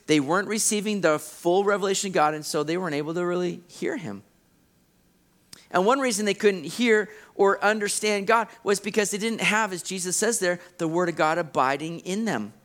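High-voiced, animated male preacher. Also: moderate pace. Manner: animated, acts out quoted voices with big pitch swings. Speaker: pastor. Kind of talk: sermon.

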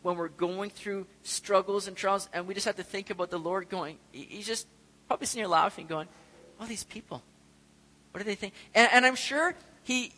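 This male pastor's voice sits high and sounds pushed and bright as he moves briskly through his sermon. In a conversational way, he asks the congregation rhetorical questions, and the audio carries a long hall reverb.

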